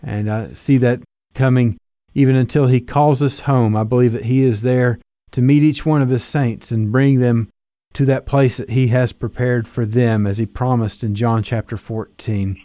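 A man's voice: medium pitch, steady tone, normal speed, mellow, dry recording, studio quality. A man hosting a Christian radio interview, speaking earnestly and reflectively and drawing on scripture. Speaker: radio show host.

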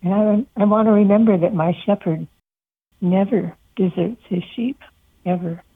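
A woman, a shepherd and author, telling heartfelt stories gently as a guest in a radio interview. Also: mid-range voice, moderate pace, slightly rough. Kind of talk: personal testimony in an interview. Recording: tinny phone line.

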